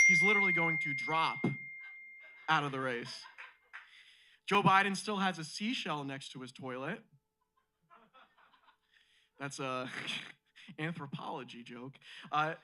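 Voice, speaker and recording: Male stand-up host, stumbles over himself, then yells bits; bright, keen tone. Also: a little high, poor audio. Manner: rambling, self-interrupting, bursts into loud shouted impressions. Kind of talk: live stand-up comedy. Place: comedy club stage with audience.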